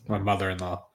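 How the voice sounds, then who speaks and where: Rambling man telling stories, low voice. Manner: rambling storyteller, many fillers and restarts. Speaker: guest co-host. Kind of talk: casual podcast chat.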